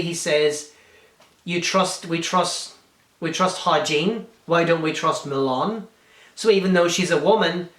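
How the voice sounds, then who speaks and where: A man's voice: a little high, sharp tone. A man giving a casual, enthusiastic spoken film review, gushing with frequent ums and restarts. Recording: roomy echo.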